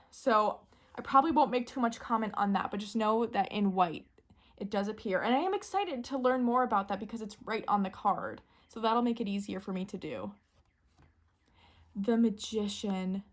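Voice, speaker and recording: A woman in casual, excitable chat, gushing and giggling as she shows off a new deck. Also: mid-range voice. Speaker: tarot deck reviewer.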